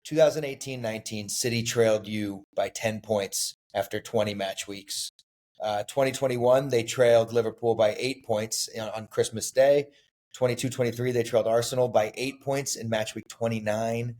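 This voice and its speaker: A man co-hosting a sports podcast, calmly laying out stats and teasing his co-host in casual debate. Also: medium pitch. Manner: measured, stat-citing, teasing.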